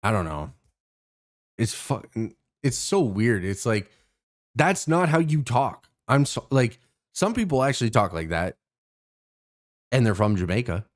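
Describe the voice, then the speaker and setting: A man's voice: fairly low pitch, big pitch swings, a little slow, pauses often. A young man from Canada, hosting his own stream, talking in a casual, rambling way with lots of cursing, fillers and restarts. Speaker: streamer host. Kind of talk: casual rant to stream viewers.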